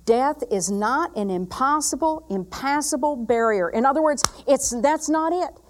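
A woman with a fairly high voice preaches a sermon. She moves between loud, emphatic bursts and quiet, intimate passages that draw the listener in. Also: animated, moderate pace, few pauses.

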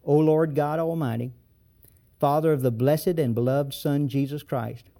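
A man voicing an old bishop facing martyrdom, speaking in a solemn, resolute, measured way. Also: fairly high pitch, fairly even intonation, gravelly, warm tone. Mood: prayerful. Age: older. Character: aged male bishop facing martyrdom, steadfast.

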